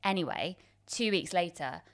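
A woman in her thirties telling a story in casual chat, self-deprecating and quick to laugh, with many restarts. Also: on the low side, animated, fairly bright tone. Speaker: guest.

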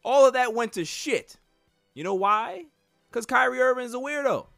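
A man hosting a solo sports podcast, ranting in an animated, mocking way and laughing as he goes. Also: very high-pitched, moderate pace, vocal fry, no room sound, faint music behind. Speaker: podcast host.

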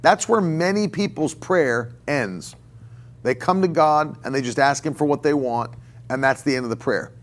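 A man preaching a sermon as pastor, talking in a loose, conversational way and often repeating and restarting words. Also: fairly high pitch. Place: church.

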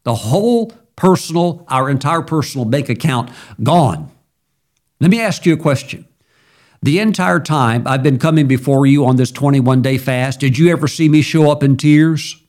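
A man's voice: fairly high pitch, animated, moderate pace, a little mellow. A middle-aged male pastor preaching a sermon in a conversational, storytelling way, with sudden emphatic jumps.

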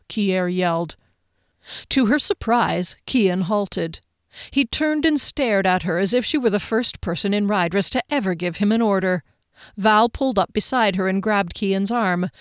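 A woman narrating a fantasy novel in a steady, expressive reading. Her voice sits at a middle pitch. The recording is dry and close, with no room sound. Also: measured pace, no room sound. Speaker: audiobook narrator. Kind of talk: scripted narration.

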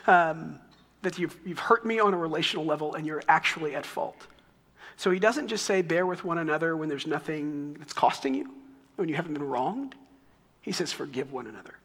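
Man, Texan accent, pastor, high bright voice, sermon in a reverberant church hall. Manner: conversational, storytelling with asides.

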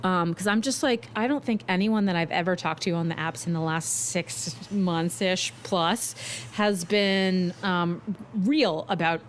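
A woman's voice: on the low side, a little slow, a little hiss or hum. A woman chatting casually on a podcast, reflective and often hedging what she says. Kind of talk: casual chat.

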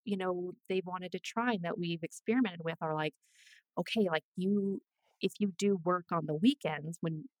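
Career coach guest: woman, lowish voice, dry close sound, chatty and animated. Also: no echo. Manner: chatty, animated, quick asides. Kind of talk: casual interview chat.

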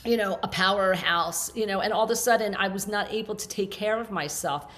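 A woman's voice: medium pitch, fairly quick, fairly bright tone. Passionate, earnest woman in her fifties. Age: 50s. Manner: earnest, passionate, rambling with restarts. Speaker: podcast guest. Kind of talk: emotional conversational interview.

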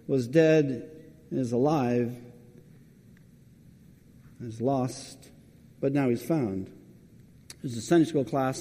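A man's voice: medium pitch, warm tone, in a large hall. A man preaching a sermon, talking conversationally and putting questions straight to the congregation.

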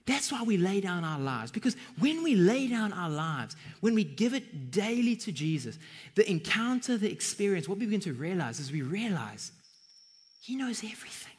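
Husky-voiced man preaching a sermon. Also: high voice, very animated, normal speed. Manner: earnest, building to emphatic bursts. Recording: long hall reverb.

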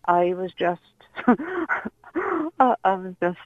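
A woman with an Irish accent calling in to a radio show, telling a story hesitantly with many pauses. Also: mid-range voice, sing-song, dry recording. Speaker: caller. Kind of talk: phone-in storytelling. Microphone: phone line. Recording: muffled phone line.

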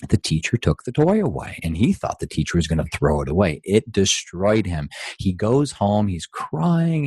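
A man's voice: lowish voice, sing-song, moderate pace, hardly any pauses, darkish tone, breathy edge, dry recording. A middle-aged man, a guest in an interview, speaking in an earnest, motivational way full of rhetorical questions. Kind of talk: conversational interview.

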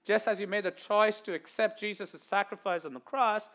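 In an animated sermon delivered at a moderate pace, a male pastor speaks to his congregation in a high, bright, forceful voice. He veers between loud declarations and soft asides while acting out the quoted voices.

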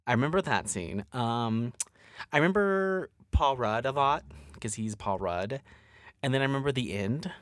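A man co-hosting a podcast in casual chat, animated and profane, acting out quotes. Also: medium pitch, moderate pace, no room sound. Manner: animated, swears a lot, acts out quotes. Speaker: podcast co-host.

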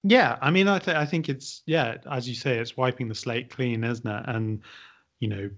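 A man's voice: medium pitch, normal speed. A man from England, a guest on a podcast, chatting in an upbeat but hesitant way and often repeating his words. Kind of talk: casual conversation.

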